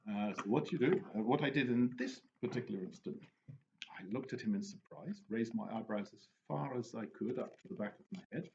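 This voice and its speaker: A man telling anecdotes and giving advice in a relaxed, casual monologue, often restarting his sentences. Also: medium pitch, fairly quick, gravelly. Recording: dull lo-fi recording with faint noise.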